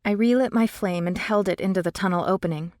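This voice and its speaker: A woman narrating a fantasy audiobook in the first person, steady and measured, on a close studio mic. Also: medium pitch, dry recording.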